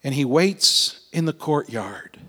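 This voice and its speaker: Brief: pastor, slow and fairly high-voiced, with long reverb from the hall. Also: male voice, sing-song. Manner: dramatic storytelling, swelling then dropping to a hush. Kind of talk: sermon.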